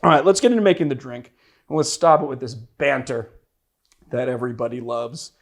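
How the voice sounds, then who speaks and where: A man's voice: mid-range voice, fairly quick, gravelly. A man hosting a cocktail show in casual chat, playfully teasing his co-host.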